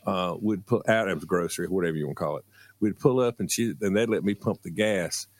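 A man telling a childhood story on a radio show, drawing out words and doing high voices for the people he quotes. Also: quick pace, dry recording. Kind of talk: casual storytelling.

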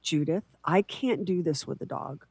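A woman co-hosts a casual podcast with an animated, joking delivery. She pokes fun at herself and riffs freely. Her voice is close and dry with no room sound. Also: low voice, normal speed, breathy edge, dry recording. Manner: animated, joking, self-deprecating. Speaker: podcast co-host. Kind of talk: casual chat.

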